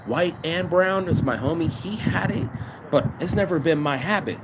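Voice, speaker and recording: A man's voice: fairly high pitch, animated, moderate pace. Profane man venting outdoors. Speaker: vlogger. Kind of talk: outdoor rant vlog. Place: outdoors in a city. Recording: noisy outdoor street recording. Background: traffic and street noise.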